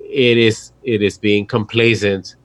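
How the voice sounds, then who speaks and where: A man's voice: lowish voice, little pitch movement, a little slow, a bit bright. A man co-hosting a casual movie podcast, earnestly laying out an analytical argument. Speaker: podcast co-host. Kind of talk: casual film discussion.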